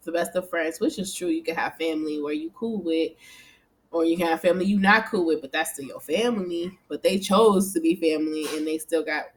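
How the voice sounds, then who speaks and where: A woman casually recapping a TV episode at home, chatty and animated, often laughing and swearing as she quotes the characters. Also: sits low, brisk. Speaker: TV recap vlogger. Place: home room.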